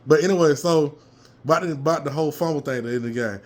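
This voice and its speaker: A man telling a fired-up story from a football game he attended, his voice a little hoarse, swearing freely and jumping into loud reenactments. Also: fairly high pitch, racing. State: slightly hoarse. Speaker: fan commentator. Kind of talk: casual fan rant.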